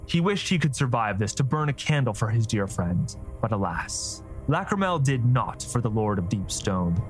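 Man narrating fantasy, mid-pitched. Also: moderate pace, soft background music. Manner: steady storytelling delivery.

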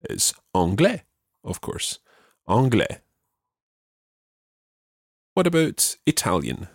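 A man hosting a podcast language lesson, patiently giving English phrases and repeating the answers slowly and clearly. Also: fairly low pitch, wildly swooping pitch, no room sound, studio quality. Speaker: language teacher host.

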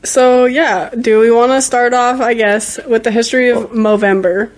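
A woman's voice: fairly high pitch, steady tone, normal speed. A woman hosting a podcast in casual chat, hesitant and giggly with many ums. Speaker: podcast host.

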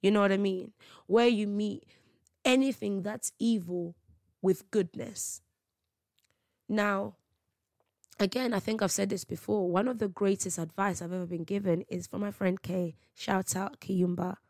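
A woman hosts her faith podcast, speaking with emphasis and street slang. Her voice has a gravelly edge. The sound is dry and close, with no room around it. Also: medium pitch, steady tone, unhurried, darkish tone, no echo. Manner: emphatic, preachy, slangy storytelling. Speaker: podcast host.

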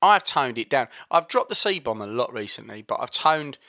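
This is a chatty man with an Essex accent, talking loosely on a podcast and tripping over his own sentences. His voice is bright and forward, recorded close and dry with no room sound. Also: medium pitch, very animated, moderate pace, dry recording. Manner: chatty, laughing, restarts and stammers. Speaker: podcast co-host. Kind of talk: casual chat.

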